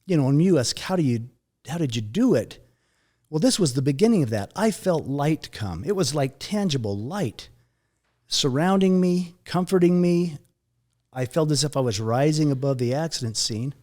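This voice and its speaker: Expressive and emotional, a middle-aged man recounts a near-death experience during an interview. He halts and repeats words, and his voice drops low and quiet when the story gets hardest.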